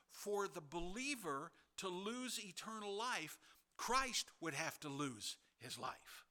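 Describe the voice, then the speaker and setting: A man preaching a sermon as a pastor, earnest and building to emphatic, insistent peaks, with soft, near-whispered asides. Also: fairly high pitch.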